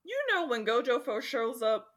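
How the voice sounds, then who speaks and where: A woman on a podcast panel, chatting casually about a film and jumping into high voices when she quotes. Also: animated, normal speed, fairly bright tone.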